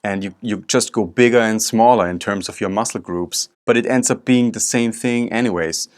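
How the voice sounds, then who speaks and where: A man's voice: on the low side, normal speed. A man teaching a drum technique lesson, explaining step by step while he demonstrates. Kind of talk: instructional video lesson. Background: drum strokes and music.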